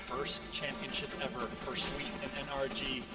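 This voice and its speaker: A man calling an esports tournament as play-by-play caster, energetic and building to shouts at big moments. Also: medium pitch, normal speed, over loud music.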